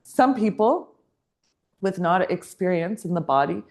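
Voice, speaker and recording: A woman's voice: on the low side, animated, measured pace, darkish tone. A woman teaching a yoga teacher training class, explaining in a chatty way and laughing often.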